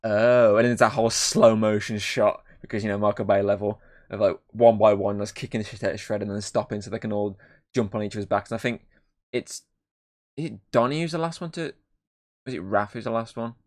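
A man's voice: fairly low pitch, steady tone, quick pace. A young man chatting casually as a film reviewer, rambling with lots of fillers and swearing. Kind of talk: casual podcast chat.

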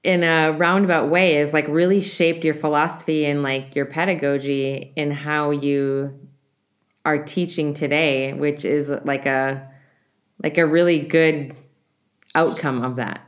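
A woman's voice: sits low, steady tone, measured pace. A woman interviewing a guest, listening with short replies and summing up his points thoughtfully. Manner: reflective, listens with short backchannels. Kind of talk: conversational interview.

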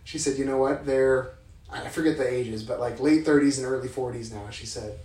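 A man's voice: medium pitch, fairly quick, a little mellow, distant mic. A man co-hosting a podcast with his partner, talking candidly and casually, laughing and swearing freely. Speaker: podcast co-host. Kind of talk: casual couple chat. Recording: roomy echo from off-mic, faint noise.

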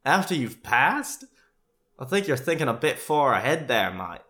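A man voicing a jovial, blunt middle-aged Australian father with a put-on Australian accent, loud and slangy. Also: medium pitch, very animated, moderate pace, voice pushed up. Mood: alarmed.

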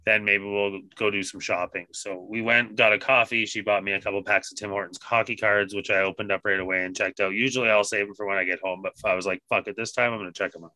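Swearing, lively podcast man. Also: lowish voice, quick pace, few pauses, dry recording. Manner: swears constantly, animated retelling. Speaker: podcast co-host. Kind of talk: casual storytelling.

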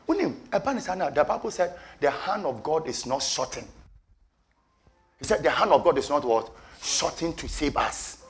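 A man preaching a sermon with passion, repeating phrases for emphasis and swinging from low murmurs to shouted peaks. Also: sing-song, moderate pace.

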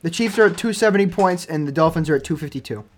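A man co-hosting a casual sports podcast, opinionated and excitable, tossing out quick takes and agreeing often with "yeah". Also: on the high side.

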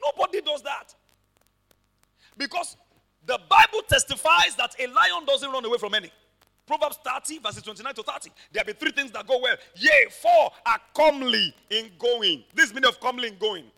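A man preaches in a high, very bright, cutting voice. He tells his stories with drama and often builds up to shouts. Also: animated, moderate pace, vocal fry. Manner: dramatic storytelling, shouting peaks. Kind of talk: sermon.

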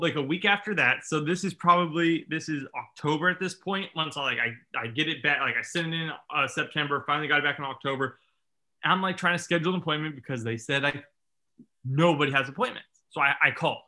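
Bright-voiced man telling a funny story. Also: a little high, fairly quick. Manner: animated, self-mocking storyteller acting out quotes. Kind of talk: casual storytelling chat.

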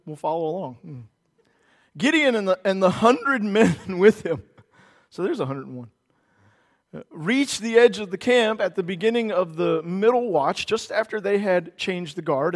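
A man preaching a sermon, animated, acting out the characters of the story in their own voices. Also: sits high, long reverb tail. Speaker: pastor.

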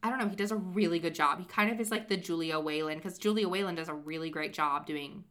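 Young female podcast co-host, chatty book talk, slightly low and bright. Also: fast. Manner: chatty, animated storytelling with many fillers. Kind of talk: casual chat about books.

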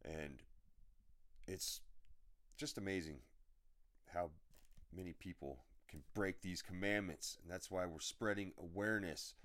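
A man's voice: low voice, measured pace, pauses often, fairly bright tone. A man hosting a podcast, telling rambling, profane delivery-driver stories in a blunt, casual way. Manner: profane, blunt storytelling with frequent filler. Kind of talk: rambling anecdotal podcast chat.

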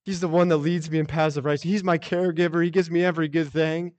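A man's voice: a little high, flat delivery, quick pace, darkish tone. A man preaching a sermon as pastor, earnest and repetitive, often restarting his phrases.

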